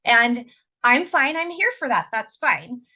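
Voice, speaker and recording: A woman's voice: on the high side, big pitch swings, a little slow, bright, forceful tone. A woman co-hosting a podcast, talking bluntly and emphatically in casual chat and swearing freely. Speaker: podcast co-host.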